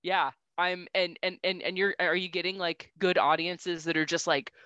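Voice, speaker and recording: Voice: medium pitch, fairly even intonation, normal speed, sharp tone, clean tone, no echo, lo-fi sound. A podcast co-host gushing with enthusiasm in casual talk. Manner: enthusiastic, effusive. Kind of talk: casual interview.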